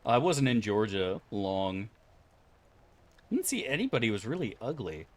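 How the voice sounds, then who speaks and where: A man's voice: fairly low pitch, sing-song, moderate pace. A man from Florida chatting casually with viewers while streaming a game, rambling, offhand and full of swearing. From Florida, USA. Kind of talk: casual chat while gaming.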